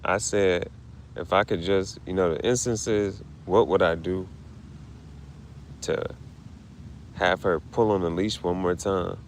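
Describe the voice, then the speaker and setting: A man's voice: low-pitched, fairly even intonation, takes it slowly, long pauses, slight background noise. A man talking casually and emotionally, grieving, swearing and repeating himself in slang. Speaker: streamer.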